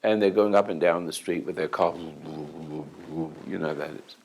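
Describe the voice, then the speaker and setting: Gravelly older man telling stories. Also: very deep voice, flat delivery, poor audio. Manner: halting storyteller with restarts, acting out the dialogue. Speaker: self-help teacher. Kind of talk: anecdotal talk to an audience.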